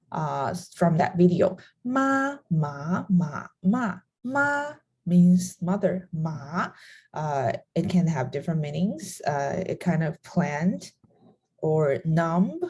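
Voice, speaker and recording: A young adult woman whose first language is Chinese leads a beginner lesson, speaking slowly in a soft, husky voice. She stops to voice each tone aloud as she explains it. Her tone stays low and mellow. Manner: demonstrates tones by voicing sounds, with laughs. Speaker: language teacher.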